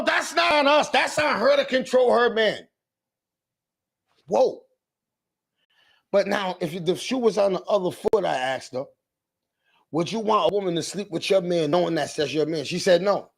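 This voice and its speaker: Gravelly animated man ranting on a livestream. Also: sits high. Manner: animated, repetitive, profane, mimics callers. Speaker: livestream host. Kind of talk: casual livestream rant.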